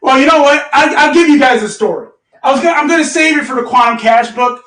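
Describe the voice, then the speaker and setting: A man with a very high voice telling a casual story to his community. He is animated and swears freely, laughs often, and keeps asking "okay?". His voice echoes around the room from a mic placed some distance away. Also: fast talker. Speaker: host.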